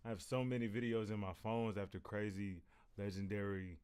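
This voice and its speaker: A man talks to his viewers in a low, easygoing voice. He rambles and repeats himself as he gives frank, profane encouragement, like a casual reaction-video host. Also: steady tone, brisk, darkish tone, smooth. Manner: rambling, repeats "you know what I'm saying"; candid and profane. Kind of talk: casual motivational talk.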